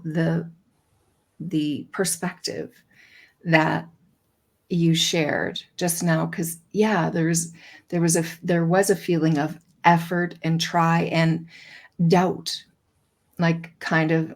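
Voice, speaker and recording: Slow, gravelly woman podcast co-host. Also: on the low side. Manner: hesitant, searching for words. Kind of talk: reflective casual chat.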